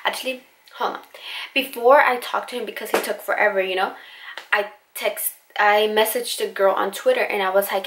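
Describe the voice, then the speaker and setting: A woman's voice: mid-range voice, fairly even intonation, moderate pace, fairly bright tone, a little hiss or hum. A young woman, chatting casually and bluntly through a storytime vlog, with lots of fillers and swearing. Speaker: vlogger.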